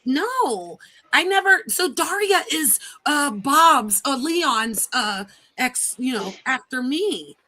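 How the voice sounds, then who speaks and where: A woman hosting a livestream, chatting and gossiping in an animated, teasing way. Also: high-pitched, slow. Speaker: livestream host. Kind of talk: casual gossip chat. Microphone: livestream setup.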